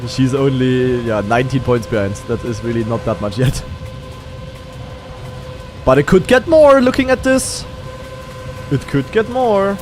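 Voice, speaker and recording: A man from Germany with a light German accent, hosting a live watch party and chatting casually through the races, swearing now and then and bursting into excited shouts. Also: mid-range voice, unhurried, faint music behind. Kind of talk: casual live esports commentary.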